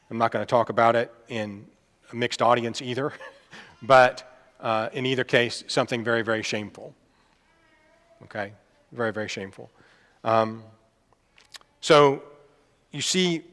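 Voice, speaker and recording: A man preaching a sermon in a casual, conversational way, pausing with fillers and asides. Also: medium pitch, fairly bright tone. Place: church hall. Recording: long reverb of a church hall.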